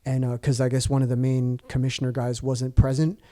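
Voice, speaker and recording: This is a man in his forties with a warm, mellow tone, chatting as a podcast guest. He tells his story loosely, full of fillers and restarts, at an even middle pitch. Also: brisk. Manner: rambling, many restarts and fillers. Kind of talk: casual storytelling chat.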